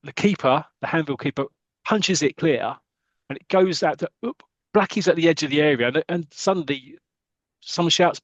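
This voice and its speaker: A man co-hosting a podcast, casually retelling a football comic story and breaking into excited commentary. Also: on the high side, moderate pace, dry recording, highs cut off. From United Kingdom. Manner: animated, jumps into excited commentary voice. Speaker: podcast co-host.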